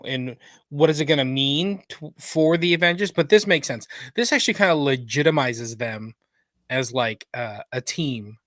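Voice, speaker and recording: A man's voice: mid-range voice, fairly bright tone, no echo, clean studio sound. A man co-hosting a pop-culture podcast, thinking aloud with hesitant fillers. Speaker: podcast co-host. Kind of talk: casual chat.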